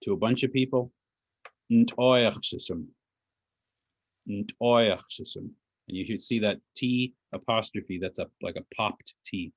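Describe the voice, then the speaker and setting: A man's voice: lowish voice, moderate pace, few pauses, no room sound. A man giving a patient language lecture, explaining pronunciation step by step with dry humor. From Alaska. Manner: dry self-deprecating humor. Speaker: language teacher and speaker. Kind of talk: lecture with audience questions.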